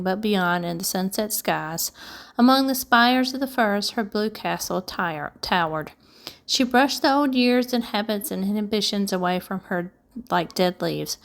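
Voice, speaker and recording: A woman reading a novel aloud at an even, steady pace, with the odd small stumble. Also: medium pitch. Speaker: amateur audiobook reader.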